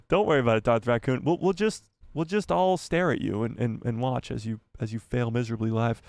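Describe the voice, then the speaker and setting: A man's voice: medium pitch, moderate pace, vocal fry, darkish tone, no echo, studio quality. A man hosting a live stream, chatting casually with viewers, joking and rambling with frequent laughs. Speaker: livestream host.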